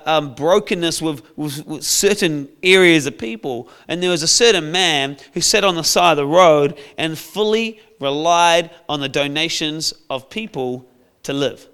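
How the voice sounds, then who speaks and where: Bright-voiced male preacher telling a story. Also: fairly high pitch, clear, resonant tone. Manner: storytelling, playful, acts out characters with shouts. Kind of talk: sermon.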